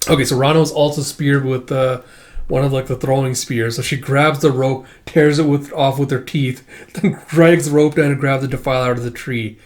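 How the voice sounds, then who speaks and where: A man casually recapping a comic book, jumping into loud, animated voices for the characters and swearing now and then. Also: medium pitch, moderate pace. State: dry throat from shouting.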